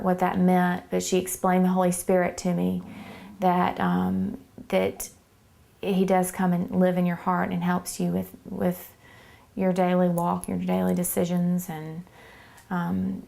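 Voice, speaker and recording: Earnest woman with a gravelly voice. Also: lowish voice, darkish tone. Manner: earnest, hesitant, many fillers. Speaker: church member giving testimony. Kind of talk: personal faith testimony.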